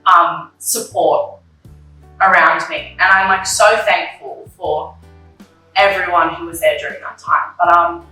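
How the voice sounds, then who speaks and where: A woman's voice: lowish voice, fairly even intonation, measured pace, sharp tone, far from the mic. A young woman, talking candidly and emotionally as an interview guest, often acting out her own past conversations. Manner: candid, emotional, retells her own past dialogue, many likes and ums. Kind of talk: personal conversation about grief. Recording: echoey room, voice off-mic, faint music.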